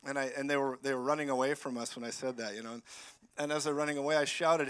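Man, guest preacher, sermon in a church, bright tone, animated, loud-to-quiet swings. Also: on the high side, fairly quick. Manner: animated, jumping between shouting and quiet. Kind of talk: sermon with prophetic words. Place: church sanctuary.

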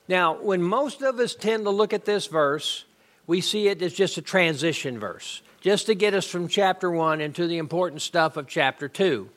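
A man's voice: sits high, moderate pace, a bit bright. A middle-aged man, teaching a Bible lesson and explaining grammar step by step with emphasis.

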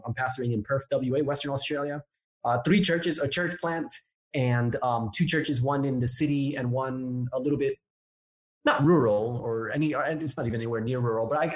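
Upbeat chatty American pastor man. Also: medium pitch. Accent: American, mixed New Jersey. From Newark, New Jersey. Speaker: pastor, podcast guest. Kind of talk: casual podcast interview.

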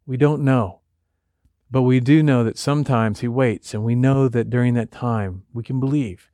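A man's voice: mid-range voice, normal speed, mellow, no room sound. A man preaching a sermon in a conversational way, retelling scripture and voicing the lines of the people in it. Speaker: pastor.

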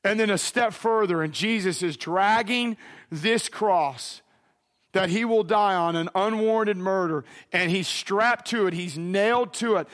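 A man's voice: sits high, unhurried, a bit bright. A man preaching a sermon, dramatic and casual, acting out the voices in a Bible story. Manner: casual slangy phrasing.

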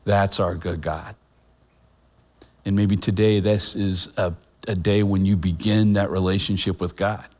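A middle-aged man preaching a sermon as a pastor, earnest and halting, with restarts and fillers. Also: sits low, fairly even intonation, a little mellow, long reverb tail. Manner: emotional, choked up at moments.

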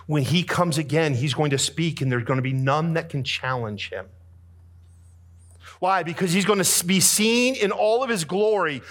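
A man preaching a sermon with dramatic swings between hushed, soft passages and booming, emphatic lines. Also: expressive, normal speed.

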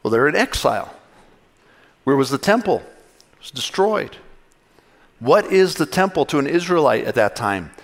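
A man's voice: a little high, sing-song, moderate pace, creaky, long pauses. A male pastor giving a conversational sermon, acting out little dialogues with God.

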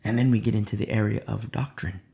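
A man preaching a Bible sermon, repeating key phrases, asking "You see?" and swinging between loud emphasis and quiet asides. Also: on the low side, fairly even intonation, quick pace, creaky. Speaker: Bible teacher.

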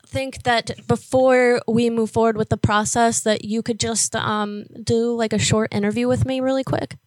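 A woman's voice: a little high, fairly even intonation, normal speed, no echo. A woman interviewing someone by phone, talking casually with many fillers and encouraging words.

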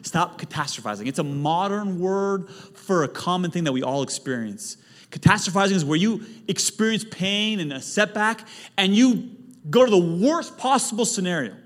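A male pastor delivering a lively sermon, swinging from quiet, intimate stretches to loud, emphatic peaks. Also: high voice, moderate pace. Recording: long hall reverb, faint music.

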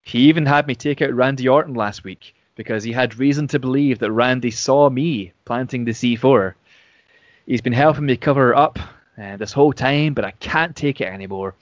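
A man's voice: mid-range voice, moderate pace, dry recording, close to an everyday voice. A frantic, sleepless male wrestler confessing, as a man reads his words plainly. The voice is close and dry.

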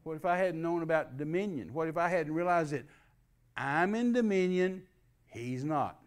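A male preacher delivers a sermon with a high, ringing voice. He is emphatic and repetitive, and he spells out key words letter by letter to drive them home. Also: moderate pace.

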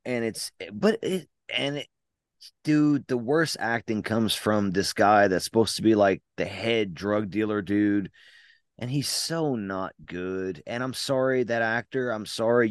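A man's voice: on the low side, unhurried, no echo. A man co-hosting a casual podcast, reviewing horror movies in a blunt, rambling way with frequent restarts. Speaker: podcast co-host.

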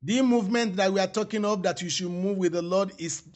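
A man preaching a sermon, repeating his phrases and stressing them slowly. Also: high voice.

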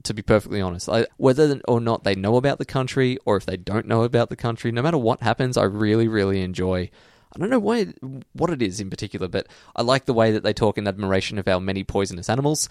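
An Australian man with a lively, swooping voice, recorded close and dry. He co-hosts a podcast in easy, jokey chat and laughs a lot. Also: on the low side, quick pace, dry recording. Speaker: podcast co-host. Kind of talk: casual chat.

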